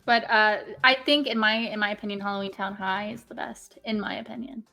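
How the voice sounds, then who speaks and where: A woman's voice: mid-range voice, fairly even intonation, a little fast, gravelly, pushed and bright, soft background music. A young woman co-hosting a casual live stream, rambling and swearing as she tallies votes. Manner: rambling, swearing, tallying aloud. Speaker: podcast co-host.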